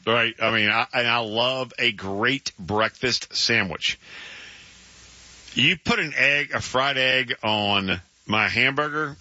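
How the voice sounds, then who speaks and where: A man's voice: medium pitch, slow pace, sharp tone, no room sound. Emphatic stammering sports radio man. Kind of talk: casual sports radio banter. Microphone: studio microphone. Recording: dry, slightly dull radio studio sound.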